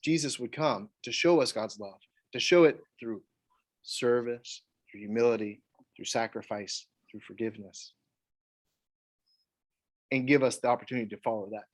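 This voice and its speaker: A man, leading a church Bible study, animated and acting out quoted voices. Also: medium pitch, moderate pace, pauses often. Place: church meeting room.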